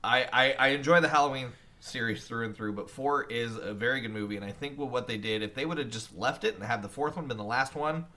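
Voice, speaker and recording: Bright-voiced eager man in podcast chat. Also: medium pitch, quick pace, hardly any pauses. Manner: eager, tumbling restarts, casual swearing. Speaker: podcast co-host.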